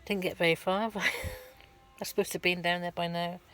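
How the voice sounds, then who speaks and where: A woman's voice: on the low side, level tone, brisk, fairly bright tone, soft background music. A middle-aged woman, giving a rambling, chatty vlog update from her van at a garage, full of ums and restarts. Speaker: van life vlogger.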